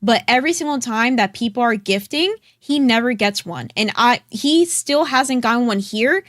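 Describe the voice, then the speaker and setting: A woman's voice: fairly high pitch, lively intonation, moderate pace, no room sound, clean studio sound. A woman hosting a casual podcast, chatting loosely with lots of fillers and thanking viewers from the chat. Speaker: podcast host.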